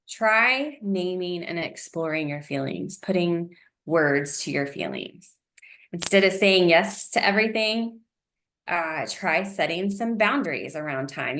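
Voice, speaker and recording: Encouraging woman presenting a wellness lesson. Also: on the low side. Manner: gentle, encouraging, uses fillers like um.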